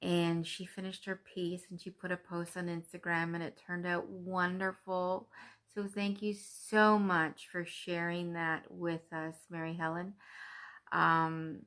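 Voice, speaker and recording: A woman's voice: lowish voice, little pitch movement, a little slow, a bit bright. A woman from Canada chatting casually and cheerfully to her viewers about her stitching, with frequent ums. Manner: chatty, upbeat, with many ums. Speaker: cross-stitch vlogger.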